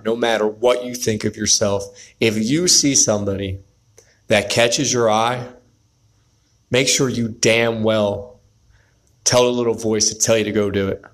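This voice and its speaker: A man tells his viewers about a moment at the gym, turning it into a pep talk. He keeps tossing in "right?" and speaks straight to the guys watching. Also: on the low side. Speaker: vlogger. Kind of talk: casual motivational storytelling.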